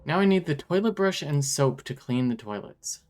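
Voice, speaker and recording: A woman's voice: low-pitched, animated, normal speed, darkish tone. A woman streaming a video game live, commenting with wry, joking asides.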